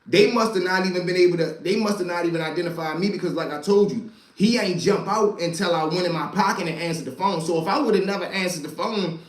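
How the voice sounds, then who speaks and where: A man telling street stories to a live chat, animated and profane, talking straight to his listeners as y'all. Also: high-pitched, fast talker, echoey room. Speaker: storyteller and stream host.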